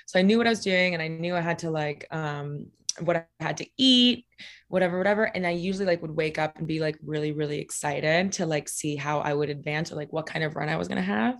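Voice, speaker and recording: A young adult woman shares personal stories as a guest in a casual conversation. Her voice sits slightly low for a woman. She speaks candidly with many "like" fillers and frequent swearing, and she acts out what people said. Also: quick pace.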